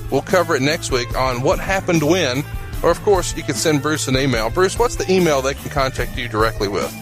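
A man's voice: medium pitch, lively intonation, brisk, music in the background, poor audio. A man hosting a podcast, upbeat and promotional as he steers the conversation and wraps up the show. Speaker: podcast host.

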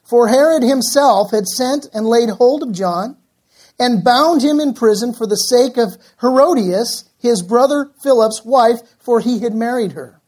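A male pastor preaching a sermon, telling a story with many filler pauses and slowing down for emphasis. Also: very high-pitched, darkish tone.

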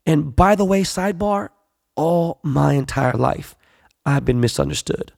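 Man, casual host monologue, heavy fry, blunt street slang, profane and emphatic. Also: on the high side, expressive, measured pace, a little mellow, dry recording, studio quality. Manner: emphatic, repeats himself for weight.

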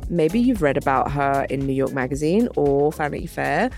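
A woman co-host with a slightly low voice narrates a podcast, amused and storytelling in tone. Light music runs softly behind her. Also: expressive, moderate pace, creaky.

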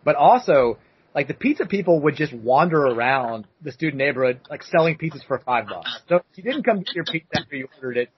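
A man's voice: on the high side, lively intonation, fast talker, dull audio. A man in his thirties hosting a podcast, telling rambling stories in a loose, casual way. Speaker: podcast host. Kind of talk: casual chat.

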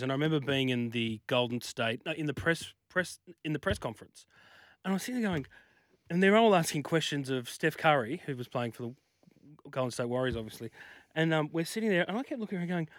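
A man co-hosting a radio show, recalling his days as a sports reporter in measured casual chat. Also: mid-range voice, expressive, a bit bright, dry recording.

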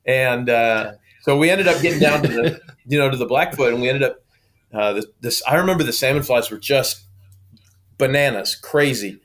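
A man from Oklahoma, a guest telling a story in a lively, casual way. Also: mid-range voice, normal speed. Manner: lively, acts out quoted dialogue.

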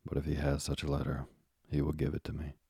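A kindly, fatherly ship owner, read by a man with an extremely low, flat voice. The tone is dark and husky, and the sound is dry and close. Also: fast, no echo, full character voice. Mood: questioning. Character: kindly middle-aged male ship owner.

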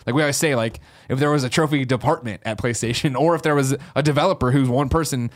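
A man's voice: mid-range voice, fast. A man co-hosting a gaming podcast in casual, rambling chat, swearing freely. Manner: rambling, profane, animated. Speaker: podcast co-host.

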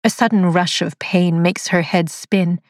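A woman narrating a dark science-fiction story in a slow, measured, dramatic reading. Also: lowish voice, fairly even intonation, no echo, clean studio sound. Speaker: audiobook narrator.

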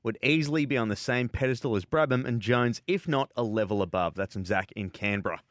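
A relaxed Australian man co-hosts a motorsport radio show and reads sponsor messages without a hitch. His pitch is middling, and the sound is dry and close to the microphone. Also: fairly quick, no room sound. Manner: relaxed, laughs easily, reads sponsor lines smoothly.

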